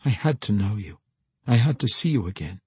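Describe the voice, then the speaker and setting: A man's voice: lowish voice, sing-song, brisk, breathy edge, dry recording, exaggerated voice. A man voicing a pushy, imposing young nobleman in an audiobook, speaking with insistent ardor. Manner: insistent, ardent.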